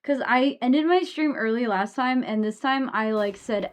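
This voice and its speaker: A young woman streams a game at normal speed in a fairly high voice, sleepy and yawning. She chats loosely with viewers in a casual live stream and swears often.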